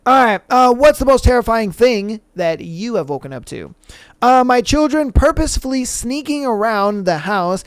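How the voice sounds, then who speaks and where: A man's voice: very high voice, animated, moderate pace, clear, resonant tone, no room sound. A man hosting a podcast in a casual, laid-back manner with lots of slang. He reads listener stories aloud and reacts to them. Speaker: podcast host.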